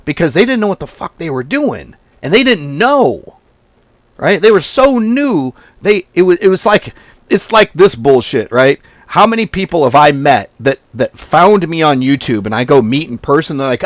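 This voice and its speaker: A man's voice: a little high, unhurried, dry recording. A man hosting a trading video, talking bluntly in a casual, profane rant that wanders off on tangents. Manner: blunt, profane, animated storytelling; goes off on tangents. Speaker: forex trading video host. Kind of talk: casual ranting monologue to camera.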